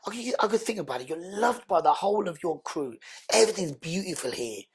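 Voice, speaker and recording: A man, a podcast guest telling personal stories in an animated way and acting out what other people said. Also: sits high, fast talker, breathy edge. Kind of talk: emotional storytelling in conversation.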